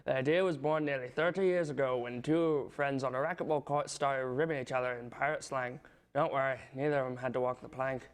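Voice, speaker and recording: A man's voice: mid-range voice, fairly even intonation, fairly quick, clear, resonant tone. Teen guy reading the school news, playful and upbeat, studio mic. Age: teens. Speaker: student news anchor. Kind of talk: scripted newscast reading.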